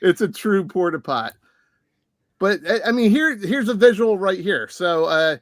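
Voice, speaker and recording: Male host, a touch high, dry close sound, rambling casual chat. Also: animated, measured pace, dry recording. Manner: rambling, laughs while talking. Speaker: podcast host.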